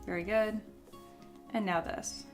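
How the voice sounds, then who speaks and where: A woman's voice: medium pitch, fairly even intonation, slow pace. Woman streamer, young adult, chatty tutorial voice, slightly worn voice, faint music behind. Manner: chatty, reads chat aloud and answers. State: voice still recovering from illness. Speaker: sculpting livestream host. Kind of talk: casual livestream tutorial.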